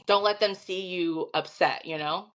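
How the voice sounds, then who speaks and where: A middle-aged woman with a Midwestern American accent, a podcast guest telling a story in an animated, chatty way. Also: fairly low pitch, a little slow. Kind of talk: casual storytelling.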